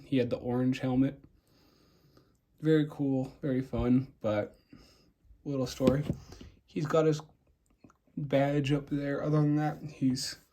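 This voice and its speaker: A young man talks casually as he shows off his collection, stumbling through restarts and fillers. His voice is mellow and dark-toned, sitting at an ordinary middle pitch. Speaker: toy collector reviewing custom figures. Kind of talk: casual show-and-tell.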